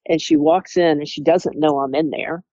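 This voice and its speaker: Animated interviewee recounting workplace conflict, slightly dull and dry recording. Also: medium pitch, moderate pace, no echo. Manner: animated, acts out quoted coworkers. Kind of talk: candid storytelling interview.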